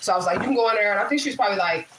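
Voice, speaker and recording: A woman's voice: medium pitch, animated, rapid-fire. A woman hosting a casual livestream from her home kitchen, telling loose, swearing stories with laughs. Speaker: livestream host and spiritual reader. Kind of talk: casual livestream chat while cooking. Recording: echoey kitchen with faint noise.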